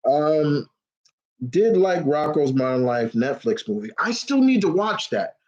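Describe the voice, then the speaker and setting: A man's voice: on the high side, big pitch swings, moderate pace, a little mellow. A man hosting a live question-and-answer stream. He talks in a rambling, casual way with many restarts, and he gets openly emotional, close to tears. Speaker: host of a live Q&A. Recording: dull lo-fi stream audio.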